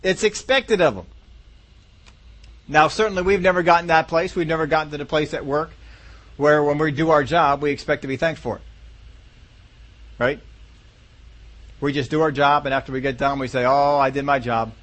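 Folksy higher-voiced male preacher. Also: fairly even intonation, moderate pace, pauses often, a bit bright. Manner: conversational, folksy, asks the congregation questions. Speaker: pastor. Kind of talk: sermon.

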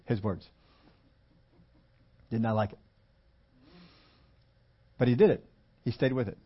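A man's voice: mid-range voice, measured pace, long pauses, husky, lo-fi sound. An older man preaching a sermon in a church, talking in a folksy, conversational way with many repetitions. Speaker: pastor.

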